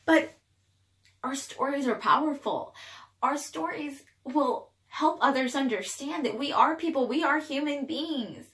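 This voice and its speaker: A young woman with a fairly high voice tells her personal story through tears, halting and restarting her sentences. She sounds emotional and shaken. The recording has a noticeable room echo. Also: a bit bright. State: crying. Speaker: vlogger telling her own story. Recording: echoey room.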